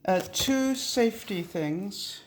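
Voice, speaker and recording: A woman's voice: mid-range voice, lively intonation, slow pace. Chatty woman vlogging from her car. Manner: chatty, opinionated, rambling with frequent laughs. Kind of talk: casual chat to camera. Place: in a car while driving. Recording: distant mic with loud car and street noise. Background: car and traffic noise.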